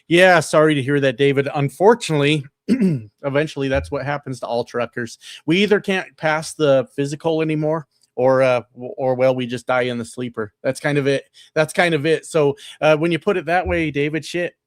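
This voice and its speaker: A man's voice: fairly high pitch, a little fast, no room sound, clean studio sound. A man hosting a casual livestream from a home room with sound panels, reading viewer comments aloud in a loose, profane, chatty way with plenty of fillers. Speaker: livestreamer and political candidate. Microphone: upgraded desk microphone.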